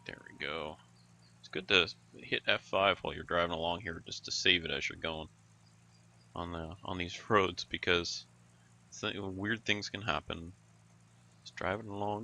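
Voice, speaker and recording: Man, low gravelly voice, bright edge, rambling gameplay commentary. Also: steady tone, normal speed, a little hiss or hum. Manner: rambling, musing aloud with fillers. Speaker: gaming YouTuber.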